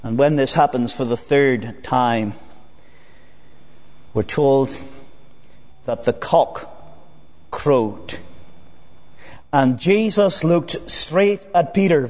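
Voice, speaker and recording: A man preaching an evening sermon in a church, earnest, slowing down and dropping low on key phrases. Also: a little mellow. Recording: long church hall reverb.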